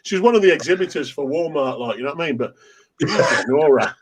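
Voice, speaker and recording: Over a noisy crowd, a middle-aged host with an English accent talks quickly in a voice on the high side, with lively intonation. He's chatting casually with friends on his stream, telling stories, cursing freely, and laughing often.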